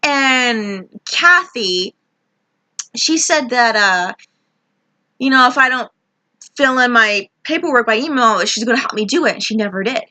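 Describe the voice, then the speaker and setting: A woman's voice: fairly high pitch, expressive, a little slow, bright, forceful tone, no echo. A young woman telling a frustrated, rambling story about her job, swearing a lot as she vents. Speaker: vlogger. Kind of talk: ranting personal story.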